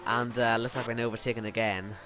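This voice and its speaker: With game engine noise from racing cars behind him, a man gives live, self-mocking commentary on his own online race, exasperated as things go wrong around him. He talks a little fast in a sharp, medium-pitched voice with little pitch movement.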